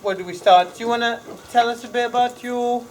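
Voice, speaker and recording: A man's voice: very high-pitched, steady tone, a little fast, a little hiss or hum. A man co-hosting a school podcast in a library lounge, chatty and self-deprecating as he welcomes a guest and asks questions.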